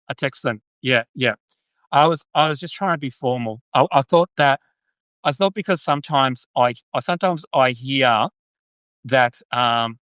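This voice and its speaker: A man's voice: medium pitch, fairly bright tone, no room sound. An Australian man hosting a live stream, chatting loosely and answering viewer comments with rambling, self-correcting talk. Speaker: podcast host.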